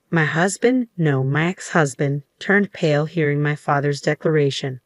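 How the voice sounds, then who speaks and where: Low-voiced woman narrating a story. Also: normal speed, hardly any pauses, dry recording, studio quality. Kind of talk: scripted first-person story narration.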